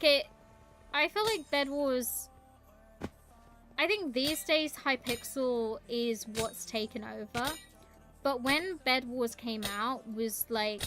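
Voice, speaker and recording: A woman's voice: a little high, pushed and bright. A young woman streaming a game, chatting in a rambling, casual way and greeting her viewers. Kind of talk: casual live-stream chat while gaming.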